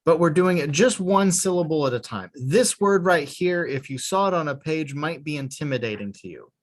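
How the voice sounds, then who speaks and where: A man's voice: on the high side, animated, moderate pace. A man teaching a beginner language class, patiently explaining step by step with a small joke now and then. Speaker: Hebrew teacher. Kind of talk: online class instruction.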